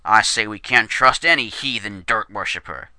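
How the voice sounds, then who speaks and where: A man plays a hostile frontier gunman, blunt and loud, suspicious of everyone. His tone is bright and forward, recorded close and dry. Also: fairly low pitch, moderate pace, no echo. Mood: gruff. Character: gruff, distrustful frontier man with a shotgun. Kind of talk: storytelling character voice.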